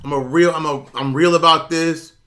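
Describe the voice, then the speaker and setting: Brief: middle-aged man, high bright voice, blunt profane livestream host. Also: fairly even intonation, normal speed. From United States. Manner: blunt, profane, reads and answers chat. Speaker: YouTube currency commentator. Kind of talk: casual livestream rant.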